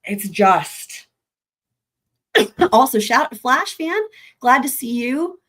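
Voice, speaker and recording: A woman hosts a true-crime livestream, her voice still recovering after a week of being gone. It's fairly high and a bit bright, and she speaks slowly but very animatedly, blunt and emphatic and swearing freely.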